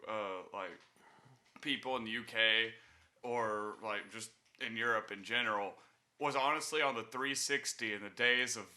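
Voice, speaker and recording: Bright-voiced man. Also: on the low side, normal speed. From Alabama. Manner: animated storyteller, swears freely. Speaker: podcast guest. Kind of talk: casual podcast chat.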